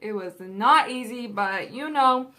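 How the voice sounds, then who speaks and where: A woman's voice: a little high, a little slow, very noisy. A young adult woman vlogger telling a story in a casual, rambling, profane way.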